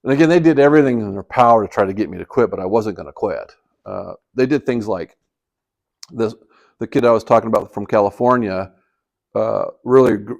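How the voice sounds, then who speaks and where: Gravelly older man telling a story. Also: on the low side. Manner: rambling, with many fillers and restarts. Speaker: vlogger telling life stories. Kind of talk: casual storytelling.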